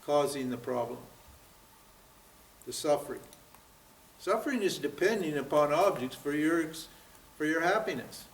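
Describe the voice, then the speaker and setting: A man's voice: on the high side, lively intonation, moderate pace, gravelly, long pauses. A man in his seventies giving a spiritual seminar lecture, pressing his listeners with rhetorical questions and frequent "huh?" and "what?". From United States. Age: 70s. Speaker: spiritual teacher. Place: seminar room at a yoga center. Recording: roomy, from far off.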